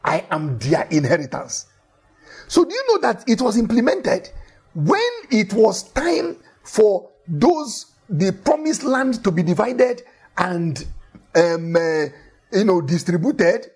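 Very raspy, animated male preacher. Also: high-pitched, takes it slowly. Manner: emphatic, repeats key phrases, animated storytelling. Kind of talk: sermon.

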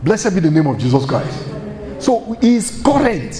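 A man's voice: high voice, big pitch swings, moderate pace, dark tone, roomy sound, faint music behind. A man preaching a sermon, firing rhetorical questions and chuckling as he goes.

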